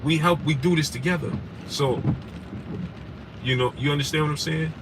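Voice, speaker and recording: Speaking at a normal pace in a fairly high voice, a sports show host runs a casual live stream with real passion. He's an adult with a wife and kids who greets viewers by name and leans on "right?"; the recording comes from a distant mic with clear background noise.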